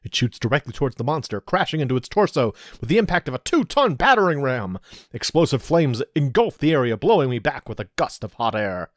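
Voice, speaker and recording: Animated man reading a game story aloud. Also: mid-range voice, brisk, dry recording, studio quality. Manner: animated, playful, laughing asides. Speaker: let's play host.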